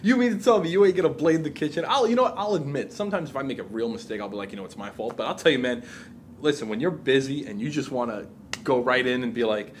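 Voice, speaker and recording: A man in casual chat, telling stories in an animated way and swearing freely. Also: medium pitch, fast talker, a little hiss or hum.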